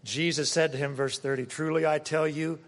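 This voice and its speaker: High-voiced man preaching in a reverberant church. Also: level tone, normal speed. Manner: emphatic, swings from loud to hushed; dramatic reading of scripture quotes. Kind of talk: sermon. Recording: long reverb of a church hall.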